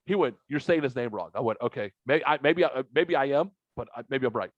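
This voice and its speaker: Male podcast co-host, mid-pitch, animated storyteller who acts out quotes; dry, muffled recording. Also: a little fast, hardly any pauses, no echo. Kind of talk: casual podcast chat.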